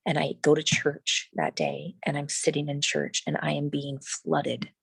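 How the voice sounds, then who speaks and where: A middle-aged woman, a guest in an interview, telling a personal story in an animated, emphatic way with frequent restarts. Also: deep voice, unhurried, creaky, breathy edge, no echo, low-quality recording.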